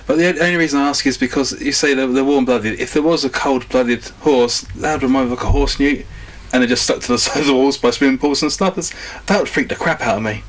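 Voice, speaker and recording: A man's voice: medium pitch, quick pace, rough recording. A man co-hosting a podcast, giggling often and asking silly questions in casual chat. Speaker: podcast co-host.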